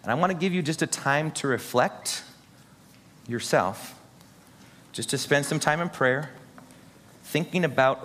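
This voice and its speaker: A man's voice: a little high, animated, measured pace, pauses often, a bit bright. A man pastor preaching an earnest, encouraging sermon straight to his congregation. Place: church sanctuary. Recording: husky voice in a long-reverb hall.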